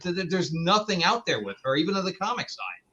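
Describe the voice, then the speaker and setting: A man's voice: high voice, sing-song, fairly quick, muffled recording, background noise. A man co-hosting a podcast in casual chat, blunt and opinionated. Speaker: podcast co-host.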